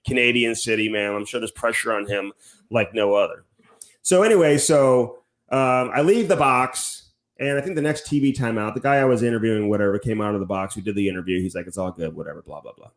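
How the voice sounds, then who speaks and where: A male podcast co-host tells a story in loose, casual chat. He rambles and swears freely, padding his talk with fillers. His voice sits at an ordinary, mid-range pitch. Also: brisk. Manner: rambling and profane, heavy on fillers like "whatever". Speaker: podcast co-host and TV hockey reporter.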